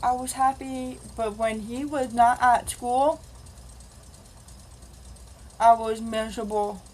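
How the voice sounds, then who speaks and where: A woman's voice: on the high side, fairly even intonation, slow, a little hiss or hum, low-quality recording. A woman vlogger telling a rambling, casual confessional story and acting out the dialogue. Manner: rambling, acts out quoted dialogue.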